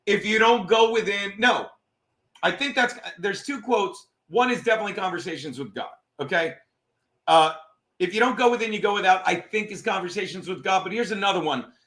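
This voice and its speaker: Brief: male comedy podcast host, bright high voice, profane and mocking, roomy echo. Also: a little fast. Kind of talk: casual comedic rant.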